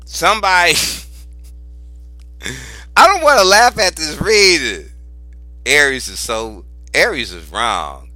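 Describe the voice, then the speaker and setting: Animated, bright-voiced man doing a tarot reading. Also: a little high, slow, long pauses, no echo. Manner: animated, exclaims and repeats phrases for emphasis; informal, cusses freely. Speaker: tarot reader. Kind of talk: casual tarot reading vlog.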